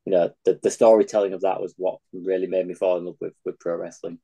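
A man's voice: low-pitched, little pitch movement, quick pace, vocal fry, mellow, husky, poor audio. A young Yorkshire man in his twenties, a charity founder talking earnestly as an interview guest. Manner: earnest, enthusiastic reminiscing. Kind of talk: casual interview chat.

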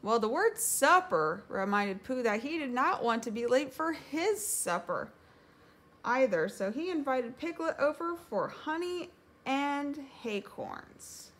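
Slow gentle woman storybook narrator. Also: high voice, sing-song. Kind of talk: storybook read-aloud.

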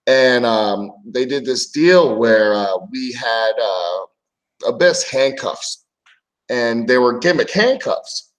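A former wrestler chats on a casual talk show, telling stories with a lively voice that swings up and down. He plays out quoted lines as he goes, and his voice sits in a middle pitch. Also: takes it slowly, poor audio. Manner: animated storyteller, acts out quoted voices. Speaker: podcast co-host, former wrestler. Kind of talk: casual chat, storytelling.

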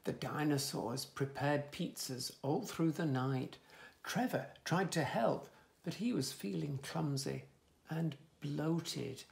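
Man, storybook reading for children, very gravelly voice, slow and unhurried, playful asides. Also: fairly high pitch. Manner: animated, playful asides to young listeners. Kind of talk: reading a picture book aloud to children.

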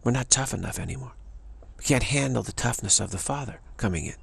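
A man's voice: medium pitch, quick pace, creaky, fairly bright tone, breathy edge, dry recording. A man giving an emphatic spiritual talk, repeating and restarting phrases as he presses his point. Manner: emphatic, repetitive, many restarts. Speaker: spiritual teacher.

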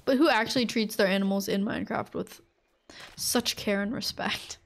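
A woman's voice: medium pitch, moderate pace, vocal fry. A woman streaming a game live, chatting casually and rambling, with lots of fillers and frequent laughter. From United States.

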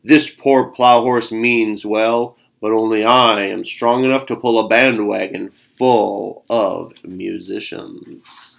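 A man voicing a big, boastful male ox in a storybook, booming and proud. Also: fairly even intonation, slow pace, creaky, a bit bright, heavily acted.

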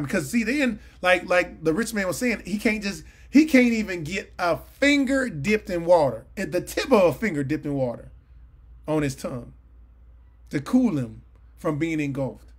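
A man's voice: high-pitched, animated, moderate pace. A man in his late forties giving a Bible study lesson, talking earnestly and conversationally with sudden emphatic bursts. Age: 40s. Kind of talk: sermon-style Bible teaching. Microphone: livestream mic.

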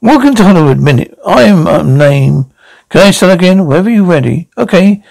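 A goofy flustered actor on a sitcom, kinda high pitched, a bit gravelly. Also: male voice, lively intonation, fairly quick, a little mellow, heavily acted. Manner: stumbles over his words and restarts. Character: bumbling good-natured male actor, easily flustered. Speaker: actor auditioning as TV host. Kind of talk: sitcom acting.

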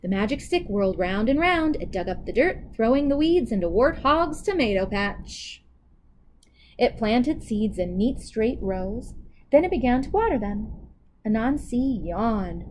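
A woman librarian reading a children's picture book aloud in a dramatic, expressive way, with asides to young listeners. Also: a little high, unhurried, slight background noise, poor audio.

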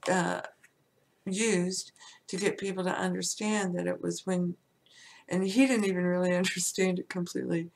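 A woman hosting a podcast, teaching in a casual, rambling way with many "you know" fillers, sometimes dropping to a soft near-whisper. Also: lowish voice, gravelly. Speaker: podcast host. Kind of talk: casual spiritual teaching talk.

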